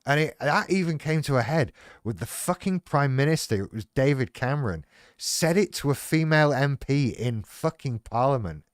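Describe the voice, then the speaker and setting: A man talks frankly and wryly, swearing freely as he chats on a livestream. His voice sits at an ordinary middle pitch. The recording is dry and close, with no room sound. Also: expressive, normal speed, no echo. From United Kingdom. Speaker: livestream host. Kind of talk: casual chat.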